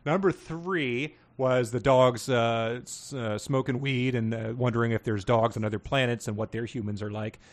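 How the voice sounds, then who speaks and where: A man co-hosting a podcast, reading passages aloud with lively, voiced dialogue and laughing often. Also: mid-range voice, normal speed, hardly any pauses. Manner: reads with animated voices for dog quotes, laughs often. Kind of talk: casual chat with read-aloud quiz passages.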